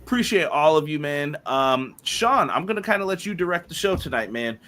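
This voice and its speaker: A wrestling podcast co-host with a slightly high, expressive voice speaks fairly quickly. He keeps the live-stream chat casual and upbeat, reading out messages from viewers and greeting them by name.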